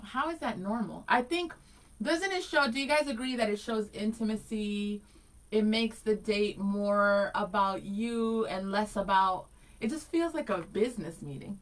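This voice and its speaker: A woman's voice: mid-range voice, a little slow, low-quality recording. A woman in her forties co-hosting a casual morning show, laughing often and reading listener comments aloud. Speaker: co-host.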